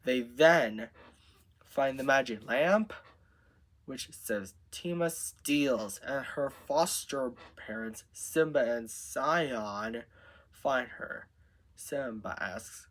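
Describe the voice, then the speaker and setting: A man improvising a story out loud, narrating in a halting way with restarts. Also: medium pitch.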